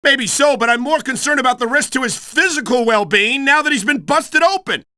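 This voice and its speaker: A middle-aged man calling play-by-play for a wrestling video game, earnest and excitable, a bit prim and scolding. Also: very high voice, brisk, no echo, clean studio sound. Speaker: play-by-play commentator.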